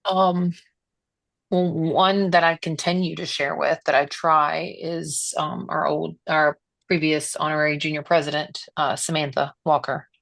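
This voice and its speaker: Woman, very low voice, dry sound, on a phone, earnest, hesitant. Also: fairly even intonation, measured pace, gravelly, fairly bright tone, no echo. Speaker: workshop participant, past organization president. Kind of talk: casual sharing in an online meeting.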